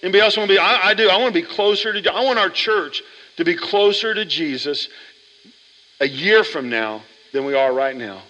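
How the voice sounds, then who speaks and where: A man pastor preaches to his congregation with a bright, ringing voice a little higher than most men's. He talks in an animated, chatty way and keeps checking in with the room. The sound carries a long church-hall reverb. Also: a little fast. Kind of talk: sermon. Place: church sanctuary.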